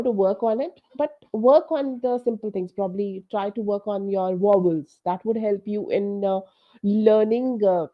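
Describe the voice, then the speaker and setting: A woman's voice: medium pitch, dull audio. A woman with an Indian English accent working as an English pronunciation trainer, explaining frankly in an online coaching session and using many fillers like "you know".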